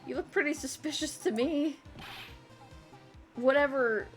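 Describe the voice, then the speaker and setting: A woman's voice: high voice, unhurried, faint music behind. A woman streamer giving casual, chatty commentary while playing a game, laughing, swearing and reading dialogue aloud.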